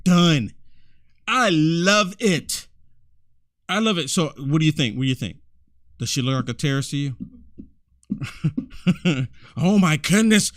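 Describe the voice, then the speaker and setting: A man's voice: a little high, lively intonation, moderate pace, long pauses, dry recording, studio quality. A man hosting a commentary video, preachy and exclamatory, often repeating himself as he reacts to clips. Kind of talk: indignant commentary over clips.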